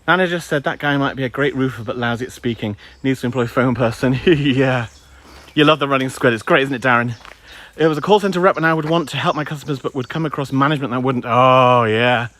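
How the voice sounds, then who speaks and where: Out in the woods with his dog, a man livestreams from a handheld phone, making casual chatter, ranting, and mixing in some playful crude language. His medium-pitched voice is quick and fairly bright, captured in a dry recording.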